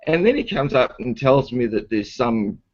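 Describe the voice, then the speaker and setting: A man's voice: mid-range voice, very animated, normal speed. A man telling a long story in a ranting, argumentative way, swearing heavily. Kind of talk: casual storytelling. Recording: dull lo-fi recording.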